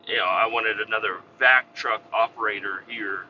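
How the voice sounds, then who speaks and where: Man with a very bright, sharp voice ranting. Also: lowish voice, fairly even intonation, normal speed, lo-fi sound, slight background noise. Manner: profane, exasperated, rambling. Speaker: podcast host; vac truck operator. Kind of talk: casual ranting storytelling.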